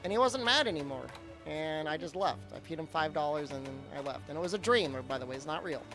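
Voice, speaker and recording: A man's voice: on the high side, expressive, quick pace, over music. A man streaming a game and chatting casually, telling a rambling story full of fillers and restarts. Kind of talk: casual chat during a live game stream.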